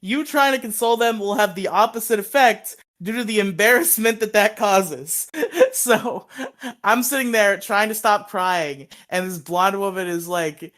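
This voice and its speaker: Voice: mid-range voice, normal speed, a bit bright. A young podcast co-host under twenty-one, telling a rambling personal story in casual chat, swearing freely and laughing often.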